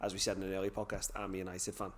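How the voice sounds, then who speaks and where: A man's voice: sits low, monotone, very fast. Young male co-host, chatty storyteller, plays out the dialogue. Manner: rambling storyteller, acts out quotes, swears. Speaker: podcast co-host. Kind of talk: casual chat.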